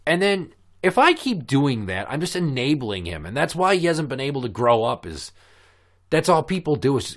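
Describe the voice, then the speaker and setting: A man's voice: mid-range voice, big pitch swings, a little fast. A man hosting a casual podcast, telling stories in a blunt, sarcastic, profane rant. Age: adult with kids. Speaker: podcast host. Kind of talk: casual ranting podcast chat. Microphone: podcast microphone.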